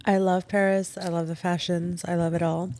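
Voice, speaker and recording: A woman's voice: fairly low pitch, level tone, normal speed, mellow. A woman guest in casual podcast chat, outspoken and blunt with her opinions.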